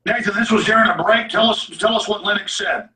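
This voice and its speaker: A man's voice: high-pitched, steady tone, fast talker, sharp tone, reverberant, recorded from a distance, poor audio. A male radio host running a talk radio interview in an urgent, directing manner.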